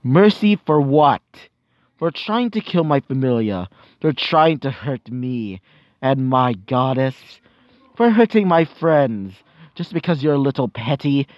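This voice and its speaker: A man voicing a vengeful young male hero bonded to a dark symbiote, speaking cold, slow and menacing. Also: medium pitch, expressive, dry recording, lo-fi sound, lightly acted. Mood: cold fury.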